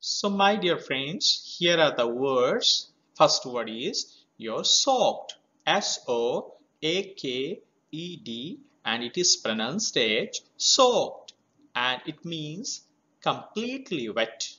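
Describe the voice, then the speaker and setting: A man teaching a children's poem, explaining words slowly and spelling them out letter by letter. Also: fairly high pitch, big pitch swings, bright, forceful tone. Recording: slightly dull lo-fi recording.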